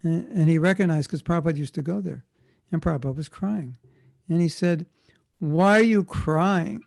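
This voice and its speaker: As a guest at a temple, a man answers a question in a conversational spiritual talk, telling stories informally and correcting himself often. His fairly high voice is brisk, gravelly and mellow, with no echo.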